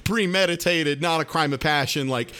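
A man's voice: a little high, moderate pace, pushed and bright, clean tone. A man co-hosting a casual TV recap podcast, rambling with lots of fillers and crude jokes. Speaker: podcast co-host.

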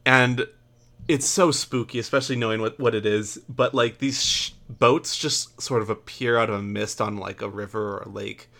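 A man co-hosting a casual movie podcast, talking in a relaxed, hesitant way with quick asides. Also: lowish voice, vocal fry. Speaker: podcast co-host. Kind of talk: casual movie review chat.

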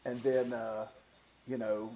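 A man's voice: mid-range voice, level tone, slow, dark tone, a little hiss or hum. A man being interviewed as a guest, talking casually about his worship singing.

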